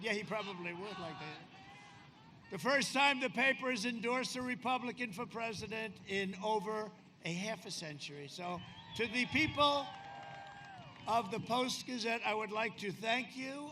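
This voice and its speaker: Boastful older man at an outdoor rally. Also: high voice. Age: 70s. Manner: boastful, rambling, shifts between shouting and mock-confiding asides. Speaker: politician speaking at a campaign rally. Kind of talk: rally speech. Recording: outdoor rally PA with crowd noise. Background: crowd ambience.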